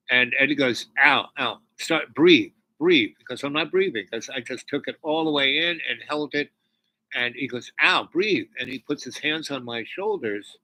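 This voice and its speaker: Guy rambling thru a personal spiritual story, lots of restarts, bright pushy voice, dry close mic. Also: medium pitch, no room sound, poor audio. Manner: rambling, halting, restarts, drops to near whispers when moved. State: tearful near the end.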